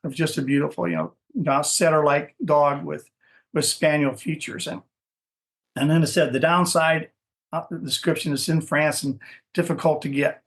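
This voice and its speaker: A middle-aged man speaking as a guest on an interview podcast, with a voice pitched a little above most men's. He talks casually and loosely, stacking fillers and restarting his sentences as he tells his story. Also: steady tone, moderate pace. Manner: rambling, many restarts and "you know" fillers. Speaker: dog breeder, podcast guest.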